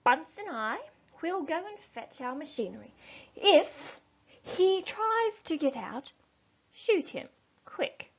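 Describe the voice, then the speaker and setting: A woman voicing a dirty, deaf, bossy thin male farmer in a storybook reading, talking loud and slow. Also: high-pitched, big pitch swings, voice pushed up, exaggerated voice. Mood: commanding. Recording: dull lo-fi recording.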